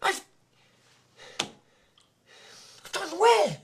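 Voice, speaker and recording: A woman's voice: very high-pitched, very animated, drawn-out words, full character voice. A vain pleading young woman. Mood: insistent.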